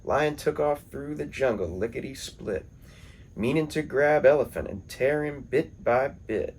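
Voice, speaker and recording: A man reading poems and folktales aloud in a calm, measured storytelling manner. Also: mid-range voice, creaky, slight background noise. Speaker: poetry reader.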